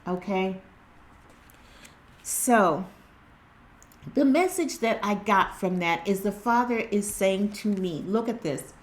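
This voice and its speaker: A woman's voice: medium pitch, expressive, slow, pauses often. A woman hosting her own spiritual tarot channel, talking earnestly and casually with many fillers and restarts. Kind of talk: casual spiritual vlog chat. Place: indoors at home by natural light.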